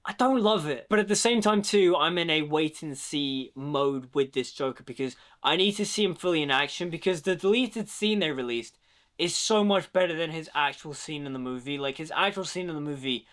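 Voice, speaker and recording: Chatty opinionated man with a higher voice. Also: normal speed, fairly bright tone. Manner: opinionated, chatty, many "like" fillers. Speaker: movie commentator. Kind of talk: casual film commentary.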